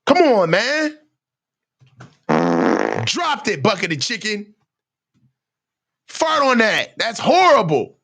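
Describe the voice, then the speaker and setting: A man's voice: high-pitched, sing-song, slow, pauses often, fairly bright tone. A man hosting a live football reaction show, ranting in heated, slangy commentary.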